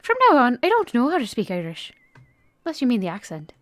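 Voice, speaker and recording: An American woman live-streams a video game, chatting playfully and teasing her viewers. Her high voice swoops up and down at an unhurried pace, sounding close and dry. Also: sing-song, fairly bright tone, dry recording. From United States.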